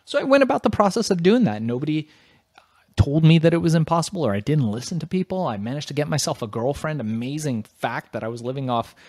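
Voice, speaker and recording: A middle-aged man, a guest on an interview show, telling his story in a casual, animated, emphatic way and swearing freely. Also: fairly high pitch, fast talker, no room sound, studio quality.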